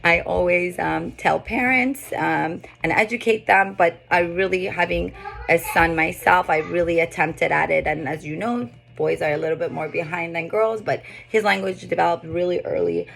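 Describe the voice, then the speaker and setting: A woman in her thirties, a speech pathologist, calmly explaining to parents how to read books to toddlers. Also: fairly low pitch, moderate pace, gravelly, faint music behind. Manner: calm explanatory talk with bursts of lively read-aloud demonstration. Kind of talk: explaining tips to parents and therapists.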